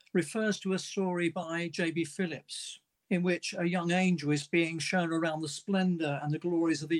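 A man preaching a sermon in an earnest manner, reading a story aloud with its dialogue. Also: high voice.

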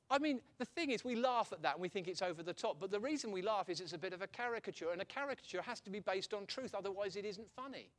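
A man preaching a sermon in a chatty, animated way, laughing at his own points. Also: high voice.

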